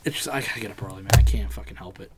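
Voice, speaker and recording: A man co-hosting a podcast in casual chat, telling animated, profane stories. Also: on the low side, very fast, noisy background. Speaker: podcast co-host.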